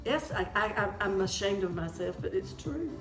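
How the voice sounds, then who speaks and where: A woman's voice: medium pitch, lively intonation, moderate pace. A woman chatting casually, telling stories with lots of laughter and animation. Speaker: co-host. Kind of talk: casual chat. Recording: echoey room with music behind.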